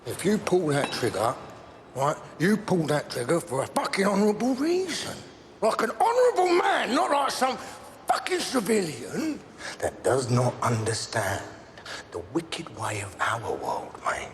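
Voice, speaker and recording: A man's voice: fairly high pitch, sing-song, unhurried, a little hiss or hum. An actor playing a volatile, profane middle-aged male gangster with a rambling, erratic way of talking. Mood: ranting. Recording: film audio with hall reverb.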